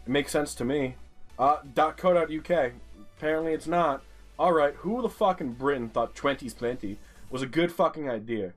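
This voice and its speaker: A man's voice: on the high side, normal speed, faint music behind. A man with a New York accent commentating a geography guessing game, exasperated and swearing constantly as he rants at what he sees. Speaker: streamer playing a geography game. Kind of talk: profane gaming commentary.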